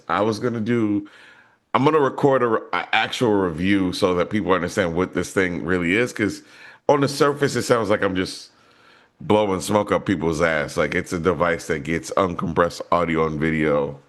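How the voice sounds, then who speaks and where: A man with a fairly low voice chats on a movie podcast. He rambles through his story and often restarts his sentences. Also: expressive, normal speed, a bit bright. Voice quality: rambling, many restarts and fillers. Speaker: podcast co-host. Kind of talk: casual movie podcast chat.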